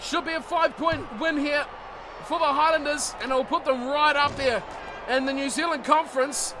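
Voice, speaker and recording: A man giving rugby play-by-play commentary for a video game. He surges into shouts on big plays and settles down when he breaks them down. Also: very high-pitched, steady tone, moderate pace, crowd noise, background noise. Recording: game commentary over loud music.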